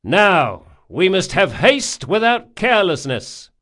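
Audiobook: male narrator as brisk, commanding pirate captain; lively, pushed up in pitch and volume. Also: heavily acted. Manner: brisk, commanding orders to a crew. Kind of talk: audiobook character voice.

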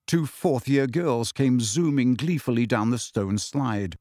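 A man narrating an audiobook in an expressive storytelling manner. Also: mid-range voice, a little slow, hardly any pauses, no room sound, studio quality.

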